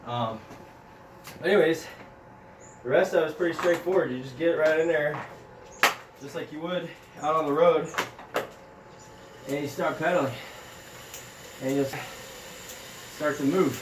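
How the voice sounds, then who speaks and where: A man's voice: fairly high pitch, a little slow, long pauses, noisy background. A man, out of breath, casually showing his home cycling trainer setup in a rambling, easygoing way with lots of ums. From Florida, US. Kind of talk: casual product demo. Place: home room with carpet, overhead fan. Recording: echoey room, voice from off-mic.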